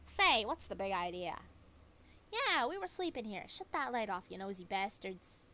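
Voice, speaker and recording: A woman voicing rude cave bats who snap gruffly. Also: medium pitch, big pitch swings, normal speed, bright, forceful tone, slight background noise. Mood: grumpy. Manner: gruff, snappish.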